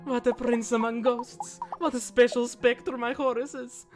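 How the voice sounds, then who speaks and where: Woman putting on a theatrical old widow, sly, mock-dramatic, high lively voice, soft game music under. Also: unhurried, natural voice. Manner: grand, mock-dramatic delivery.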